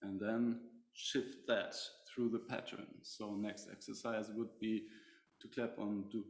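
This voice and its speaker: Slow-talking man teaching drum rhythms. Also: on the low side, little pitch movement. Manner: hesitant, many fillers and restarts. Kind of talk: instructional lesson with spoken rhythm syllables. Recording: echoey room.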